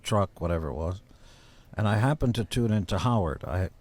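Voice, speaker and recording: A man as a podcast guest telling casual stories in a blunt, profane, deadpan-boasting way. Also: lowish voice, brisk. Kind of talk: casual storytelling.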